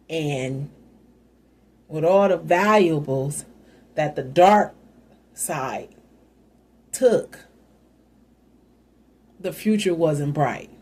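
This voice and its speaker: A woman hosts a casual talk on a Bible story. She muses aloud and keeps adding side notes. Her voice is soft and husky, with a dark, mellow timbre. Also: deep voice, animated, extremely slow, pauses often. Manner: conversational, musing, with asides. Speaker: host.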